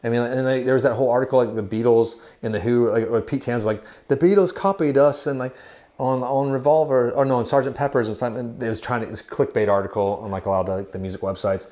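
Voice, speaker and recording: A man's voice: medium pitch, steady tone, quick pace, mellow. A man in his forties co-hosting a casual music chat, giggly and rambling, full of fillers and restarts. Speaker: podcast co-host.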